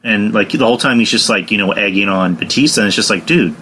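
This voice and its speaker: A man's voice: on the low side, fast, bright, forceful tone, a little hiss or hum. A man hosting a casual wrestling podcast, rambling with lots of fillers and laughing often. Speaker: podcast host.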